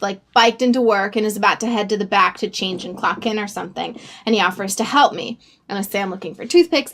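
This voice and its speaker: A young woman vlogger telling a casual story, rambling and animated, with sudden exclamations. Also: on the high side. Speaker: YouTuber.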